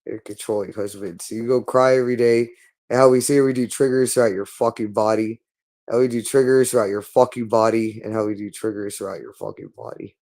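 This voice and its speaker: A man's voice: on the low side, darkish tone. Hostile man in a profane tirade. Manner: hostile, repetitive and profane, berating. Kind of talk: angry monologue.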